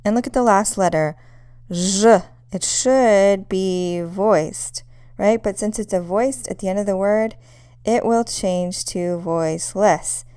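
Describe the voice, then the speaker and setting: A woman's voice: mid-range voice, slow pace, dark tone, clean tone. A woman teaching a pronunciation lesson, patiently demonstrating sounds one at a time. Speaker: language teacher.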